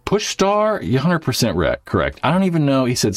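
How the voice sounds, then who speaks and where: Rambling, lively man on a livestream. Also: mid-range voice, fairly quick, few pauses, dry recording. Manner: rambling, swears, many filler likes. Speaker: YouTube channel host. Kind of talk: casual livestream chat.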